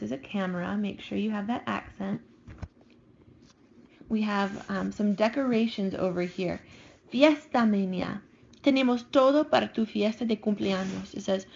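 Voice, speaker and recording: A woman teacher calmly talking students through vocabulary slides, slowing down on new words. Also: medium pitch, creaky, muffled recording, slight background noise. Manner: patient, slows down for vocabulary. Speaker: Spanish teacher. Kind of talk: recorded classroom lesson over slides.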